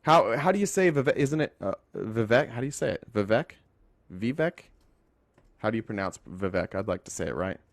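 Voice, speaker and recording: ユタ州出身の男性が、ライブ配信の視聴者コメントに応えながら、脱線や言い直しを交えて政治の話を気ままに語っている。. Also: male voice, lowish voice, animated, fast, vocal fry, few pauses, no echo. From Utah. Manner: rambling, talks to chat, self-correcting. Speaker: livestream host. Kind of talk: casual political livestream chat.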